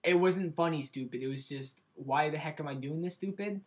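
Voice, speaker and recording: A man's voice: on the high side, fairly quick. A man chatting casually in a home vlog, rambling and self-deprecating, with many ums and restarts, recorded indoors through his computer's built-in mic. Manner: hesitant, full of ums and restarts. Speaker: YouTube vlogger. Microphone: computer webcam mic.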